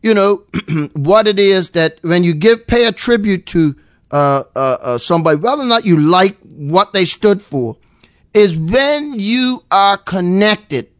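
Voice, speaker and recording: A middle-aged man from Bermuda talks on a radio call-in show with a fairly high voice. He rambles, repeats words and tells stories with animation. The studio sound is dry and close. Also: animated, a little slow, no echo. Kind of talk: casual radio chat.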